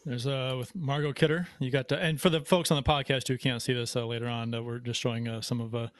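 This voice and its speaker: A man hosting a podcast, talking casually with halting restarts. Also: medium pitch, little pitch movement, no room sound, studio quality. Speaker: podcast host.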